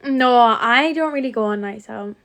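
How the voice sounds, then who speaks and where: Young woman; giggly, chatty livestream host on a phone mic, slightly high voice. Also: normal speed, a bit bright. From England. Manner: giggly, chatty, answers viewer comments. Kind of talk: casual live-stream chat reading comments.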